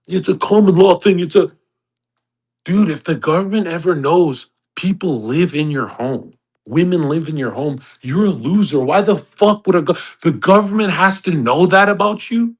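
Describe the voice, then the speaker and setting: A man's voice: high-pitched, normal speed. A brash, swaggering man ranting in a profane, mocking monologue as host of an online voice chat.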